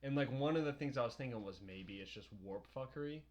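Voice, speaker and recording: A young adult man co-hosting a podcast, chatting casually about a book, rambling and profane and quick to laugh. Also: medium pitch, expressive, a little mellow, a little hiss or hum. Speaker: podcast co-host. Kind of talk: casual book-discussion chat.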